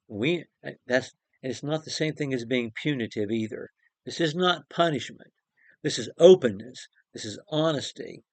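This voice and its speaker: Male preacher, mid pitch, earnest and emphatic, dry close-miked sound. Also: no echo. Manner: earnest, emphatic repetition, frequent restarts. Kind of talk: short devotional Bible talk.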